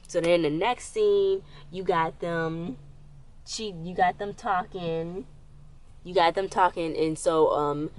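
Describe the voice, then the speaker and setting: A woman's voice: on the low side, slow, slight background noise. A woman giving a rambling, casual recap of a TV episode with lots of fillers and restarts. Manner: rambling, loose retelling with many fillers and restarts. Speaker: episode reviewer.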